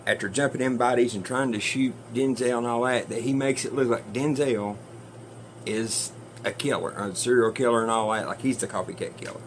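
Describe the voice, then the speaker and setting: A man's voice: mid-range voice, a little fast, a little hiss or hum. A man casually retelling a movie plot in a chatty, rambling way, with some swearing. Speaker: movie reviewer.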